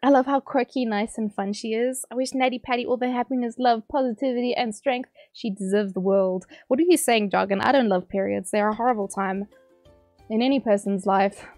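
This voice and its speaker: A woman streamer reading out viewer messages on a livestream, teary and emotional, bubbly and quick to laugh. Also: on the high side, darkish tone, dry recording, clean studio sound, soft background music.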